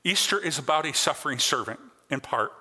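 A male pastor with a notably high, bright voice delivers an earnest sermon in a conversational way. His words carry a long reverb from a large church sanctuary. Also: expressive, brisk, slightly rough. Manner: earnest, conversational preaching with check-ins to the congregation.

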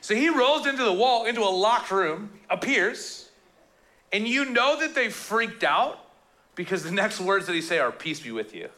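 Bright, high-voiced joking pastor. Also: male voice, moderate pace. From Canada. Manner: jokey, animated storytelling with playful quoted voices. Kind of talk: casual conversational sermon.

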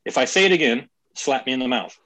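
A husky man talks in a loose, animated podcast-chat way. He swears freely and slips into mocking voices for effect. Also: medium pitch, quick pace, low-quality recording. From California. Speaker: guest podcaster.

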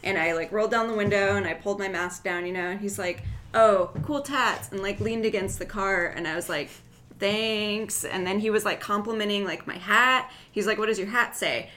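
A woman co-hosting a podcast in casual chat, telling animated stories full of "like" and swearing. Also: mid-range voice, fast talker, hardly any pauses. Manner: animated storyteller, lots of "like", swearing. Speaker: podcast co-host.

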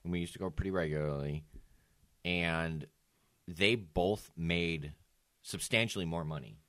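A man's voice: deep voice, a little slow, fairly bright tone, no echo. A man co-hosting a podcast, telling stories in casual chat and swearing when he gets worked up. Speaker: podcast co-host.

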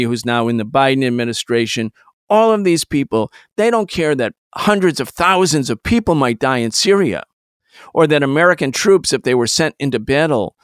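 Indignant man with a smooth, dry voice. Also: mid-range voice, no echo. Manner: indignant, emphatic. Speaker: host. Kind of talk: political commentary.

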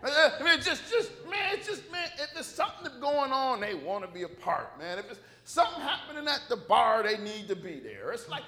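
A man preaching in a church with a strikingly high, bright voice. His pitch leaps around as he hammers points home and jokes with the room. Emphatic, call-and-response delivery. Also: very animated, moderate pace, few pauses. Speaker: pastor. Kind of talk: sermon.

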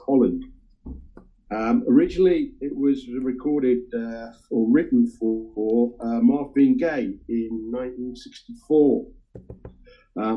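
A man co-hosting a casual music chat, talking enthusiastically about records with frequent ums and hesitations. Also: fairly low pitch. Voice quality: hesitant, many ums and uhs. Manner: enthusiastic record collector talk. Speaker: co-host sharing record picks. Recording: dull lo-fi sound.

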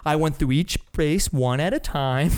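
A young man co-hosting a casual podcast, his voice a touch high and smooth. He tells stories in a loose joking way, laughing often and trailing off mid-sentence. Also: measured pace. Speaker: podcast co-host.

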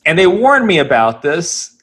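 A man's voice: on the high side, big pitch swings, moderate pace, a bit bright, husky. A man co-hosting a casual podcast, telling a rambling, self-mocking story and chuckling as he goes. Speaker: podcast co-host.

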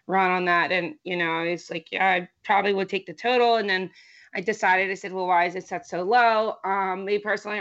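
Chatty woman on a muffled mic. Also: fairly low pitch. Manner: animated, says like often. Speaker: panelist. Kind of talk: casual group chat.

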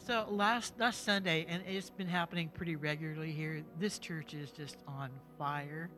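A man's voice: on the high side, fairly even intonation, moderate pace, pushed and bright, faint music behind. A man from the congregation sharing a church testimony in a rambling, hesitant way with many fillers. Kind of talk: casual testimony.

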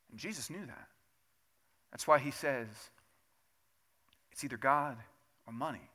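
Bright-voiced man preaching a sermon. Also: medium pitch, moderate pace, pauses often. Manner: conversational preaching with rhetorical questions, rising to loud emphatic peaks. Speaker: pastor. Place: church sanctuary.

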